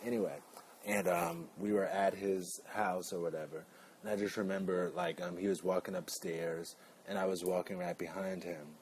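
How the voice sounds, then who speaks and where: Low-voiced man chatting on tangents. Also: darkish tone, slight background noise. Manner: chatty, rambling, playful asides. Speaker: vlogger. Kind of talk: casual chat.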